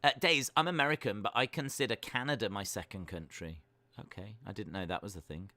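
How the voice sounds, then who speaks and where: A British man hosting a live stream, reading viewer comments aloud and answering them with teasing, deadpan jokes. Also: lowish voice, fairly quick, no room sound. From United Kingdom. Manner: jokey, teasing, deadpan banter.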